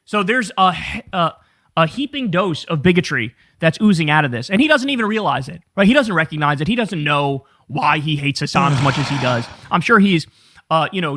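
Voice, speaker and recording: A man's voice: on the high side, bright, forceful tone. A man giving critical, argumentative political commentary on a livestream.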